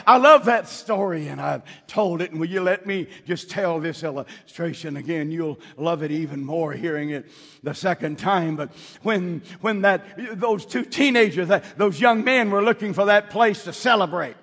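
Gravelly, bright-voiced man preaching. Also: sits high, normal speed, long reverb tail. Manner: dramatic swings from whispers to shouts. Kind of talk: sermon.

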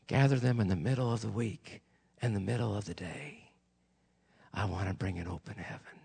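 A male preacher voicing God as a calm, gentle male voice, hushed and low, while telling a story in a sermon. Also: moderate pace, gravelly, breathy edge, full character voice.

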